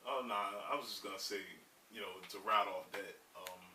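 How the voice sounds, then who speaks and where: A young man from North Carolina telling stories in a relaxed, casual chat, with plenty of fillers. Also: fairly low pitch, brisk, a little hiss or hum. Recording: roomy, mic at a distance.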